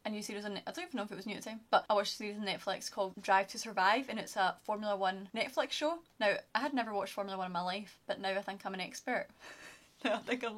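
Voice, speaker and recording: A young Scottish woman vlogs to camera in casual chat, gushing about her favourites with lots of fillers. Her voice is medium-pitched and fairly bright in tone.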